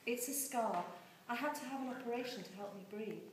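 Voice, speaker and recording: A woman doing a gentle, kindly aunt. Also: on the high side, fairly quick, slight background noise, close to an everyday voice. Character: kind gentle aunt, middle-aged woman. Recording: very echoey room.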